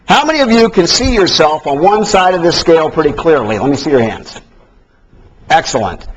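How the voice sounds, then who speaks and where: A man with a fairly high, husky voice leads a seminar class in a classroom. His delivery is animated and joking, shifting from emphatic to soft. The recording sounds dull and lo-fi. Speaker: sales trainer. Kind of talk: live seminar lecture to a class. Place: classroom with a live audience.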